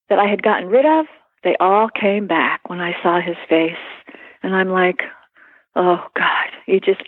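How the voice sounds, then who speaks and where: A woman being interviewed, recalling personal events in a halting, earnest way with many fillers. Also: medium pitch, no room sound. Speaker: interview guest. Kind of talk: emotional personal recollection. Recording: tinny phone line.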